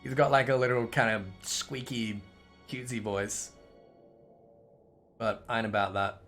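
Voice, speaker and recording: A man's voice: mid-range voice, unhurried, a bit bright, faint music behind. A man giving casual, jokey commentary while playing a game, rambling and chatty. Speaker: gaming streamer. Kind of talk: casual let's-play commentary.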